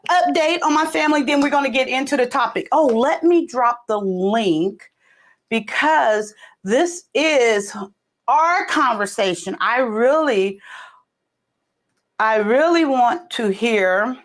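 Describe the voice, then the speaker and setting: A woman in her forties hosting a casual livestream chat, telling stories with laughter and big leaps in her voice. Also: slow pace. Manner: animated storytelling with laughter and big pitch leaps. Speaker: livestream host.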